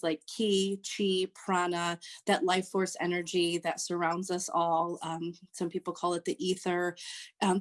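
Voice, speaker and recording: A woman, a social worker and Reiki practitioner, explaining her work as a podcast guest in a halting way with many fillers. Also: lowish voice. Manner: hesitant, many ums and restarts. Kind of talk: podcast interview.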